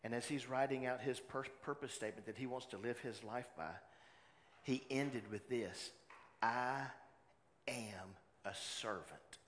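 A man preaching a sermon in a large church, his voice carrying a long hall reverb over faint room noise. He swings between raised, urgent exhortation and quiet, confessional storytelling, with a mid-range pitch. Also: a little slow. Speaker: pastor.

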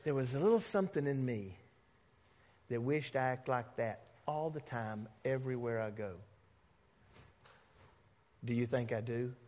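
A man's voice: mid-range voice, a little slow, long pauses. A man preaching a sermon as pastor, telling a story and acting out the voices of the people in it. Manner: animated, acts out quoted voices. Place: church sanctuary. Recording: long church hall reverb.

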